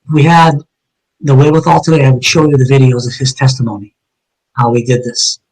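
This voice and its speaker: A man's voice: mid-range voice, a little fast, a little mellow, poor audio. A man, a retired police detective, earnestly recounting an emotional personal story in an interview, with frequent ums and uhs.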